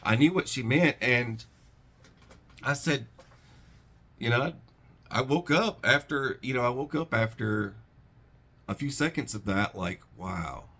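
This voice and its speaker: A middle-aged man hosting a preparedness channel, recounting a dream in a rambling, halting way with many restarts. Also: mid-range voice, bright, forceful tone, husky. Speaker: prepper channel host. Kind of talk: casual storytelling to camera.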